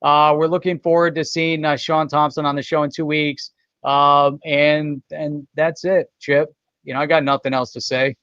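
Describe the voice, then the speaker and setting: An upbeat, easygoing man co-hosting a casual live stream chat, who often chimes in with quick agreement. His voice is a little higher than most men's. The sound is very dry and somewhat muffled. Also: flat delivery, fairly bright tone, clear, resonant tone, no room sound. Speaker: co-host.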